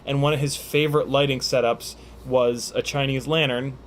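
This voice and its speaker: A man's voice: mid-range voice, little pitch movement, moderate pace, a little hiss or hum. A man hosting a casual livestream Q&A, joking, swearing and rambling with lots of fillers while he reads out viewer questions. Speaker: livestream host.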